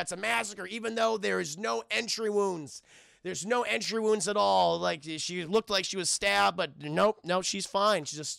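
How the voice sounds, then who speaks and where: A sarcastic male streamer rants through a film scene by scene and talks straight to his chat. His voice is high and heavily gravelly. It comes across bright and tense, in a dry, close sound. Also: no echo. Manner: profane and animated, often addressing the chat. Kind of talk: casual live-stream film recap.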